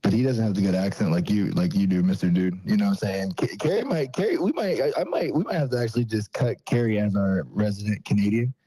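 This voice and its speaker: A man's voice: lowish voice, expressive, quick pace, hardly any pauses, dark tone, husky, poor audio. A man co-hosting a podcast, playful and fond of tall-tale jokes. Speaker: podcast host. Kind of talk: casual chat.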